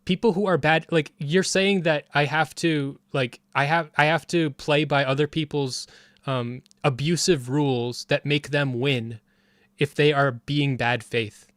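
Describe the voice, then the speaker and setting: A man's voice: a little high, steady tone, unhurried, fairly bright tone, no room sound, studio quality. A man commenting casually on a debate clip, heated and rambling with frequent restarts. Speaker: streamer reviewing a debate.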